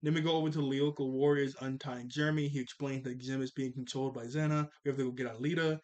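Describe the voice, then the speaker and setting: A man's voice: medium pitch, level tone, quick pace, a little mellow. A man casually recapping a cartoon episode scene by scene, laughing often as he goes. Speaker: cartoon reviewer.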